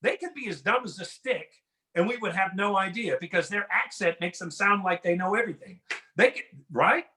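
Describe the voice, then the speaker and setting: High, bright-voiced stand-up comedian man. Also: fairly quick, low-quality recording. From Washington State. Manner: animated, mimics voices and drawls. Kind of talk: stand-up routine.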